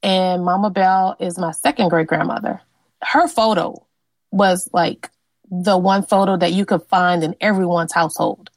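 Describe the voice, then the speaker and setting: A woman's voice: on the low side, fairly even intonation, unhurried, no echo. Woman, interview guest, earnest family storyteller, fillers, dry close sound. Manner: earnest, reflective, with frequent fillers.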